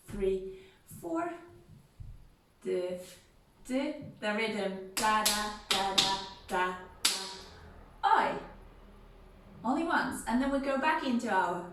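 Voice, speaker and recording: A woman instructor leading a gentle seated music and movement class, counting beats and chanting rhythm syllables. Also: on the high side, recorded from a distance, a little hiss or hum. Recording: very echoey room, voice from off-mic, faint music.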